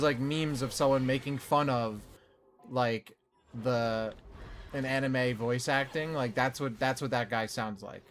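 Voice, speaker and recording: A man's voice: medium pitch, fairly bright tone, a little hiss or hum. A man streaming a video game, chatting, laughing and critiquing it casually. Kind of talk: casual let's play commentary.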